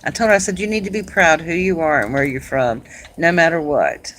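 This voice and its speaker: A middle-aged woman from South Carolina with a Southern accent, chatting casually and warmly with viewers on a live craft stream, laughing often. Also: low-pitched, a little fast, rough recording. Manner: chatty and homey, laughs often, says "y'all". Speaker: craft channel host.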